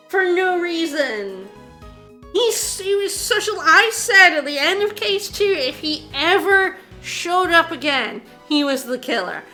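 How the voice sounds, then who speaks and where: A woman streaming a video game, chatting casually with her viewers, excitable and insistent, repeating herself and laughing often. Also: very high-pitched, slow, soft background music. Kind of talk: casual game commentary to chat.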